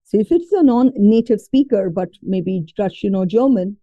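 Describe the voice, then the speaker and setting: A woman with an Indian accent tells her story expressively in a casual podcast conversation, sprinkling Hindi words into her English. Her voice sits at an ordinary middle pitch. The audio is a little dull and muffled, with a dry sound and no room echo. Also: expressive, moderate pace. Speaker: podcast guest.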